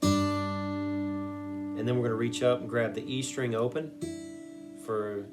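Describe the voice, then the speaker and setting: Slow, patient male guitar teacher. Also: medium pitch, flat delivery. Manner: slow, patient, explains each note. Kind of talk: step-by-step guitar lesson.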